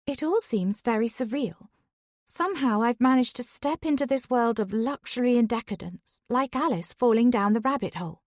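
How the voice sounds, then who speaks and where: A woman narrating a thriller audiobook in the first person, in a steady, conversational reading voice. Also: a little high, moderate pace, dry recording, studio quality.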